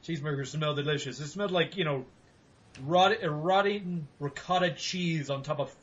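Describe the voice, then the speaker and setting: Young man, podcast host, fairly high voice, rambling profane storyteller, dull lo-fi recording. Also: normal speed, a bit bright. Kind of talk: casual chat.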